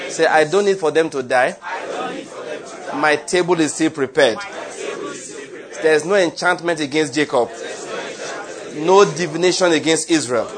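With a congregation audible behind him in church, a male pastor leads emphatic call-and-response declarations, repeating them again and again. His voice sits a little high, and he preaches in an unhurried way with frequent pauses while the crowd murmurs in the background.

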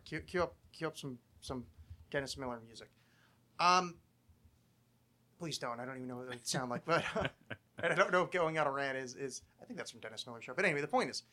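A man's voice: a little high, pushed and bright. A man hosting a casual podcast, ranting with lots of swearing and breaking off his own sentences. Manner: profane ranting, swearing a lot, self-interrupting. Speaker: podcast host.

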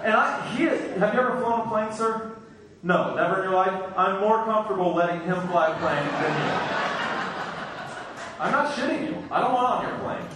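A man's voice: sits high, moderate pace, noisy background. A man doing stand-up comedy in a club, brashly teasing the crowd with crude jokes, heard from far off in an echoey room.

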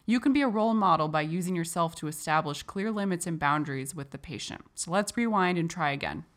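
A woman hosting and instructing in a clear, explanatory way. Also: lowish voice, fast talker. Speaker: host and instructor. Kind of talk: educational explanation.

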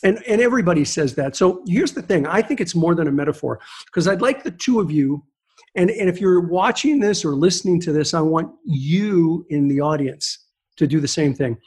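Husky animated man telling a story. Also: fairly high pitch. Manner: animated storytelling with quick repeated restarts. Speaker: guest author. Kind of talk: podcast interview.

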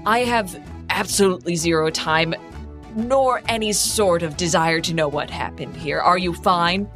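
A woman's voice: lowish voice, a little slow, fairly bright tone, faint music behind. A woman playing an impatient, blunt sky sailor who fires off short questions. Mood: brusque. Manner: impatient, brusque.

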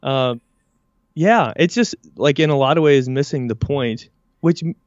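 An easygoing man co-hosting a podcast, musing aloud in casual slang. His medium-pitched voice comes through a dry, slightly dull-sounding microphone. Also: unhurried, dry recording. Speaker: podcast co-host. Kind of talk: casual chat.

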